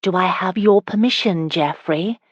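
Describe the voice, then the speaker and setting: A woman's voice: medium pitch, animated, measured pace, no room sound, muffled recording, voice pushed up. Teasing young medieval bride, playful and light, voiced by a woman reader, dry close sound.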